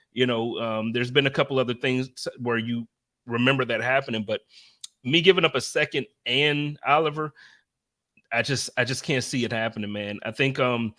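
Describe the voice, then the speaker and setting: A man with a bright, forceful voice hosts a casual sports talk show. He talks with lively emphasis, building his points with repeated phrases and quick asides. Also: mid-range voice. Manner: energetic, animated, emphatic. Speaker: podcast host.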